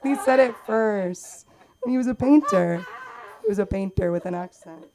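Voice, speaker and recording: At an open mic on a comedy club stage lit brightly, a young woman delivers a rambling, conversational stand-up set full of acted-out quotes. She has a warm, medium-pitched voice and a normal pace, with slight background noise.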